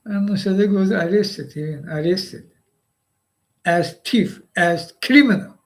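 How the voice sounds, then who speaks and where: Guy w high voice talking slow, choppy little phrases, keeps asking huh?. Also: poor audio. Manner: halting, short phrases with rhetorical "huh?". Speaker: live stream host. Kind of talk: political monologue.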